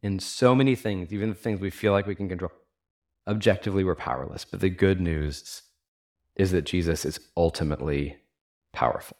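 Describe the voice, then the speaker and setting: A man with a lowish voice preaches a sermon and talks straight to his congregation. He speaks casually, with frequent "like"s, and drives his points home with rhetorical questions. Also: brisk, a little mellow. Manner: casual fillers like "like" and "y'all". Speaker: pastor.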